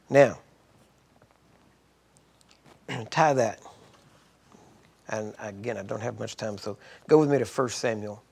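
A man's voice: on the low side, slow pace, creaky, long pauses, darkish tone, slightly rough. A man teaching a sermon, reading Bible verses aloud and breaking in with emphatic asides to his listeners.

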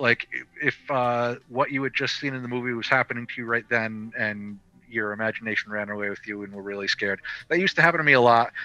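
A man's voice: mid-range voice, bright, forceful tone, no echo, low-quality recording. A man rambling casually about a film over a call, with lots of fillers and restarts. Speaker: podcast guest reviewer. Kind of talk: casual film review chat. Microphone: video call.

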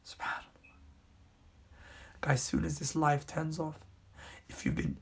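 A young man preaching on a live stream, pleading earnestly in a hushed, breathy voice as he reads viewers' comments aloud. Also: on the high side, steady tone, unhurried, pauses often, in a whisper. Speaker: Islamic preacher.

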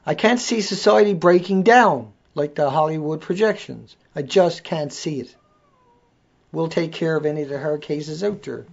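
Dull lo-fi audio captures a livestream host, a man with an accent, whose voice is a little high, creaky and moderately paced. He rants in a blunt, casual way, swearing freely.

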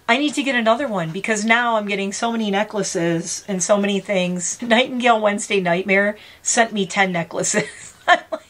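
A woman in her fifties chatting casually as she unboxes gifts on her vlog, gushing and talking to her pet bird. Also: mid-range voice. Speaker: vlogger.

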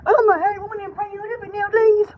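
A squealing, excitable poodle. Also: female voice, extremely high pitch, fast, highs cut off. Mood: excited. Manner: squealing, rambling, easily excited. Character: chattering pampered female poodle, excitable shopping-show host. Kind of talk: comic pet voice-over, home-shopping parody.

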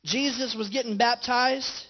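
A man's voice: very high voice, steady tone, a little slow. A male pastor preaching a conversational sermon in a church and putting questions to his congregation. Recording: dull lo-fi livestream audio.

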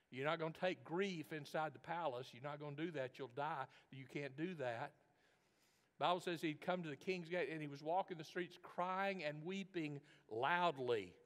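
A man preaches in an emphatic, conversational manner, his voice sitting slightly high. The live-streamed sound carries a long church reverb around him. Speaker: pastor. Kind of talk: sermon. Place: church sanctuary.

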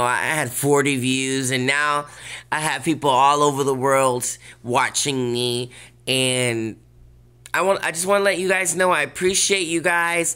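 A woman's voice: low voice, sharp tone, clear, resonant tone. A woman hosting a casual vlog while lying in bed, talking in a brash, profane, sassy way. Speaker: vlog host.

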